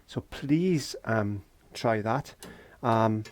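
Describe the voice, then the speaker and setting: Speaking extremely slowly in a voice on the low side, this Welsh man still sounds animated. He teaches painting casually from a garden shed, joking, chatting and muttering to himself while he works.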